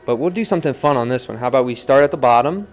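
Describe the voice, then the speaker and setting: A relaxed young man talks viewers through his work at the pottery wheel in an easygoing, chatty way, often trailing off into soft counting. His pitch sits in an ordinary middle range, and faint music plays behind him. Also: rapid-fire. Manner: relaxed, chatty, reads viewer comments, counts aloud softly. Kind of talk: live-streamed pottery demo, casual teaching.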